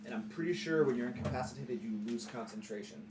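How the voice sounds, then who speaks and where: A man's voice: medium pitch, quick pace, distant mic, noisy background. A man playing in a tabletop role-playing game, talking playfully and describing his character's actions. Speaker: player.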